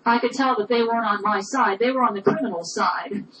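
A woman's voice: fairly high pitch, fairly quick, a bit bright, a little hiss or hum, low-quality recording. A woman telling a personal story with indignation, often repeating "I said" as she recounts arguments. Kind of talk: personal testimony.

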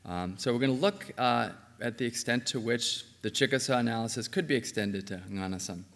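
A man's voice: medium pitch, brisk, a bit bright. Man lecturing in a reverberant hall. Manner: explanatory, frequent ums and uhs, says okay between points. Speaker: linguistics lecturer. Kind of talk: academic conference talk.

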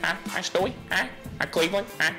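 A man's voice: sits high, fast talker, sharp tone, soft background music, pitched above the performer's own voice, exaggerated voice. A man imitating a dim-witted middle-aged cartoon dad who rambles and keeps saying uh. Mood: goofy. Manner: rambling, full of uhs.

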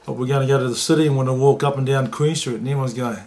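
A man, a former rugby league player telling an emotional story in an interview and getting lively when he quotes others. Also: mid-range voice, very fast. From New Zealand.

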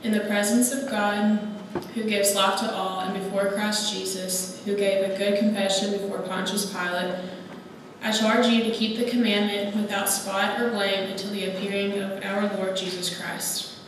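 A woman reading a scripture passage aloud during a church service, in a measured, even manner. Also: mid-range voice, distant mic, background noise. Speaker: scripture reader. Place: church sanctuary. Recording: echoey church hall from afar.

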